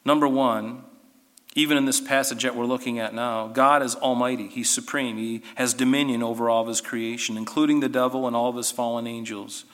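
A man teaching a Bible study class, animated and given to sarcastic asides. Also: medium pitch, brisk, big-room sound.

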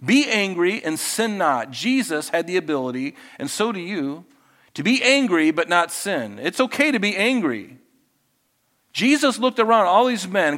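A man preaching a sermon as pastor, moving between quiet, intimate asides and raised, emphatic passages. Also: on the high side.

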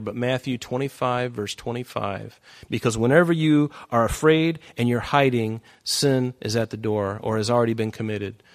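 A male preacher delivering a sermon in an emphatic, repetitive way. He walks his listeners verse by verse through scripture, stressing phrases by saying them again. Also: mid-range voice. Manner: emphatic, repeats key phrases.

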